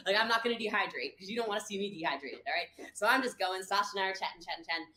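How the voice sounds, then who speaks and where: A woman rambles through a story on a livestream, acting out each quoted line. Her voice is bright and forceful, and the room around her rings with echo. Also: mid-range voice, very fast, hardly any pauses, slight background noise. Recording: echoey room.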